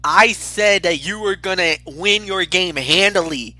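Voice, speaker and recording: Man, high pitch, very bright tone, dry sound, excitable, rambling sports chat. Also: no echo. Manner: excitable, rambling, quick restarts. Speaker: co-host picking games. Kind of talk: casual sports picks chat.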